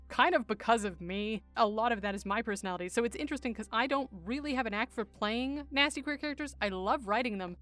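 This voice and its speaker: A young woman, a writer hosting a podcast, talking in a reflective, casual way in quick bursts. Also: mid-range voice, fairly bright tone. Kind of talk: casual chat.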